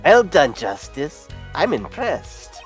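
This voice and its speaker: A player reading aloud as a formal courtroom judge from a video game, in a measured delivery. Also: mid-range voice, big pitch swings, soft background music.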